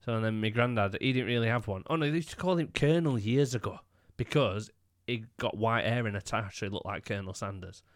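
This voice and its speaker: A man's voice: fairly low pitch, quick pace, hardly any pauses, no echo, clean studio sound. A man, co-hosting a casual podcast chat and telling rambling stories. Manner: rambling storyteller, mimics friends' voices in anecdotes. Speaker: podcast co-host.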